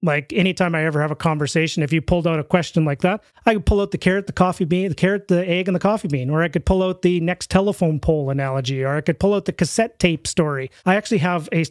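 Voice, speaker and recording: A man with a fairly high voice talks as a podcast guest in a casual interview. He tells his stories with animation and slips into the voices of the people in them. The recording is dry and close, with almost no room sound. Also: fast, hardly any pauses, dry recording. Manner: animated storyteller, acts out quoted voices.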